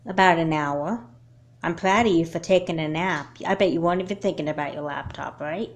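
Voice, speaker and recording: A woman voicing a caring but firm mother in a home-made doll movie, speaking in a gentle, parental way. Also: deep voice, fairly quick.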